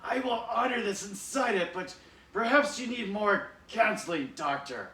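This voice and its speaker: A man's voice: high-pitched, very animated, moderate pace, bright, forceful tone, slight background noise, pitched above the performer's own voice, heavily acted. A man voicing a pompous male villain leader who scolds in a lofty, theatrical way. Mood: scolding. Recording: echoey room, distant mic.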